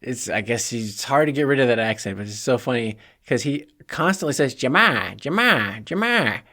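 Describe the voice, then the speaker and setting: A man's voice: mid-range voice, brisk. A man hosting a solo sports preview podcast, talking casually and chattily with joking asides. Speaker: podcast host.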